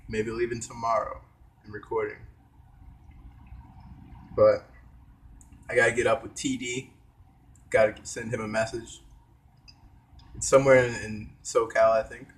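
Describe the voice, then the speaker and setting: A young man vlogging in a rambling, hesitant casual monologue, talking while eating with his mouth full. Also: medium pitch. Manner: hesitant, trailing off, many fillers.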